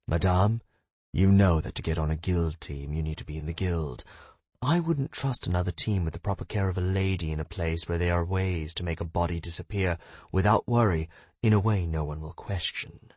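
Blunt lecturing guild fighter, read by a man; low, husky, close and dry. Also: moderate pace, darkish tone, dry recording. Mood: stern. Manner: stern, lecturing.

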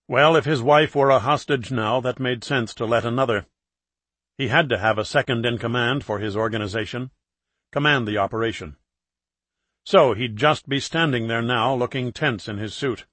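A man with a mid-pitched voice narrates a thriller audiobook. His reading is steady and measured. The recording is dry, with no room sound. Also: dry recording.

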